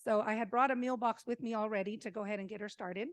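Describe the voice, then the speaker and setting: A woman's voice: medium pitch, steady tone, fast, no echo. A woman giving a talk to a community meeting, telling a story with frequent fillers and light laughs. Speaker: senior meal program presenter.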